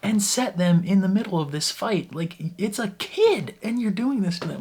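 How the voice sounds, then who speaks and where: A man hosting a reaction vlog in casual, animated talk, laughing between phrases and leaning heavily on "like" as a filler. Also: high voice, normal speed, hardly any pauses, breathy edge. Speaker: reaction channel host.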